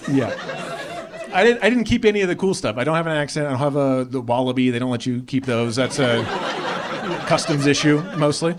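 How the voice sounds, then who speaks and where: A young man from Australia with an American accent performing a stand-up comedy set on a club stage, animated and jumping into high voices for quotes. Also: a little fast. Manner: animated, jumps up in pitch for acted-out quotes. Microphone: handheld stage mic. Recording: live club set with crowd laughter. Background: audience laughter.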